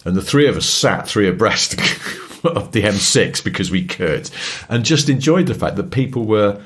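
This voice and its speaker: A man from England co-hosting a podcast, chatting casually and telling anecdotes with lively put-on voices. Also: on the low side, moderate pace, slightly rough. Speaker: podcast co-host. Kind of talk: casual chat.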